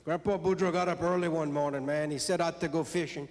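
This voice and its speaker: A man's voice: fairly high pitch, steady tone, quick pace. A man with a Cajun accent telling jokes on stage to a live audience in a folksy, drawling way. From South Louisiana. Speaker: storyteller and comedian. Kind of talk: stand-up joke telling. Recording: long hall reverb.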